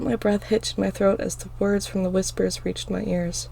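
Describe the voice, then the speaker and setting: A woman reading her own story aloud in the first person, with expressive, emotional delivery. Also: mid-range voice, moderate pace, gravelly, few pauses, a little hiss or hum.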